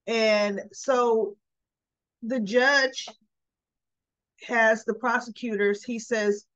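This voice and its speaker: A woman giving a casual recap of a soap episode, retelling scenes with lively asides and slipping into the characters' lines. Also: on the high side, extremely slow, no room sound, highs cut off. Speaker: soap opera recap vlogger.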